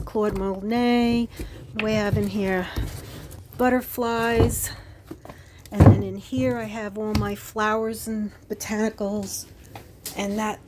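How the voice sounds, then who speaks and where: A woman's voice: mid-range voice, heavy background noise. A retired woman giving a chatty, meandering craft room tour, out of breath, filmed on a handheld phone. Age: older. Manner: chatty, meandering, with many ums. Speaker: craft vlogger. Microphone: phone held in hand.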